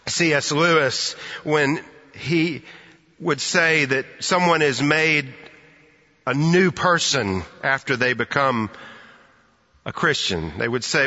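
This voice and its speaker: A man preaching a sermon, telling stories and slowing to a soft, quiet delivery to drive points home. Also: a little high. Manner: storytelling, slows and softens for emphasis. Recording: muffled sound in a long-reverb hall.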